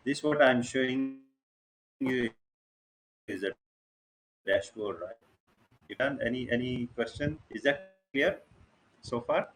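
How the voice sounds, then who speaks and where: A man runs an online workshop over screen share on a video call, teaching casually with many fillers and often checking that listeners are following. His voice is medium-pitched, and he takes it slowly with frequent pauses.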